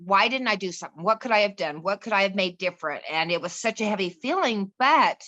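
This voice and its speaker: A woman's voice: mid-range voice, lively intonation, quick pace, sharp tone, muffled recording. A middle-aged woman, a podcast guest, telling a personal story in an earnest, rambling way. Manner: earnest, rambling, restarts and quotes others. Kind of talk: casual storytelling chat.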